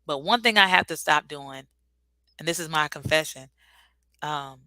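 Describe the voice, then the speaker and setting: A woman's voice: low voice, normal speed, bright, forceful tone, dry recording, poor audio. A talkative woman hosting a casual motivational livestream, answering viewer comments and laughing easily. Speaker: livestream host.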